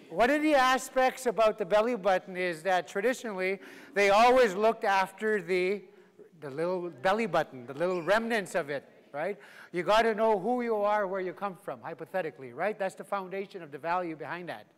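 A Cree language teacher from Canada, with a fairly high voice, leads a live class in a large hall where his voice rings with long reverb. Playful and laughing, he jokes around and drills words and phrases for the group to repeat.

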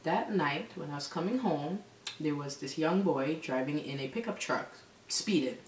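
A woman telling a story in a casual vlog, animated and exasperated. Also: low-pitched, normal speed. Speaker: vlogger. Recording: echoey room, mic at a distance, faint background noise.

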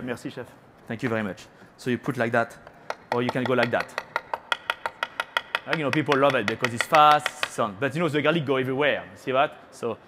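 Through a very noisy recording comes a medium-pitched male voice: a French-accented chef from France doing a chatty live cooking demo at a trade show, teasing the audience and mixing in French phrases.

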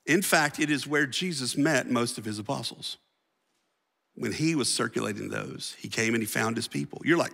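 A man's voice: medium pitch, normal speed, creaky, bright, forceful tone. A male pastor preaching a sermon in a casual, slangy storytelling way. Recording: reverberant church hall.

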